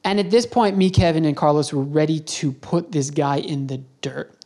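A man's voice: on the high side, normal speed, darkish tone. A man hosting a podcast, telling a travel story in a casual, rambling way and often correcting himself. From United States. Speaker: podcast host.

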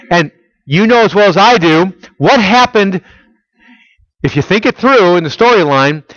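Preaching man, swings loud to hushed. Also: sits high, no echo, muffled recording. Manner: asks the audience rhetorical questions; swings between loud and hushed, intimate tones. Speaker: pastor. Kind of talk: sermon.

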